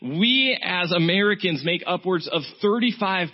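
Man, sermon, lively storytelling, slightly high voice, muffled sound. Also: moderate pace. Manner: animated, self-mocking storyteller.

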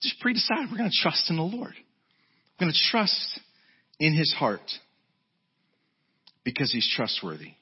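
Emphatic man preaching a sermon, husky voice. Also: wildly swooping pitch, unhurried, pauses often. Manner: emphatic, rising to high urgent peaks then dropping low and quiet. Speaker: pastor. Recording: dull lo-fi sound.

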